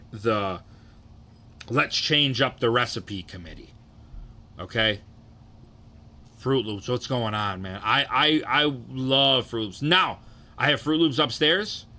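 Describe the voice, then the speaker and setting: Pushed and bright at a medium pitch, this young man's voice carries a casual, swear-laden cereal ranking. He rambles, grows heated, and keeps starting his sentences over.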